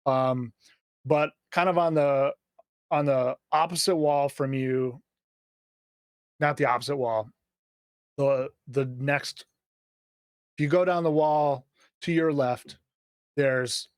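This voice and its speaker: A man's voice: fairly high pitch, steady tone, slow, pauses often, clear, resonant tone, no room sound, studio quality. A man narrating a tabletop game as game master, hesitant and full of fillers and restarts.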